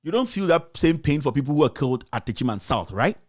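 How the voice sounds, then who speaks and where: Passionate Ghanaian man, high-pitched rant. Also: big pitch swings, quick pace. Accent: Ghanaian English. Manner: passionate, repetitive, rhetorical, addressing critics directly. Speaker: talk show host. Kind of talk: impassioned political commentary.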